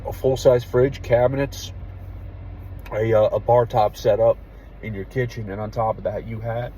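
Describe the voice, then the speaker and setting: A young man, an army veteran, tells a story in a low, mellow voice, candid and full of casual swearing. He lowers to a near hush when the story turns tense. Faint traffic noise from outside sits under his voice. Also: fairly even intonation, moderate pace, low-quality recording. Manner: candid, profane, drops to a hush for tense moments.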